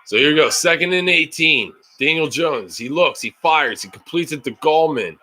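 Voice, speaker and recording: An animated man with a fairly high, pushed, bright voice reacts live to a football game on stream at a normal pace. Between bits of play-by-play he vents and swears about the play calling, with a little hiss or hum in the audio.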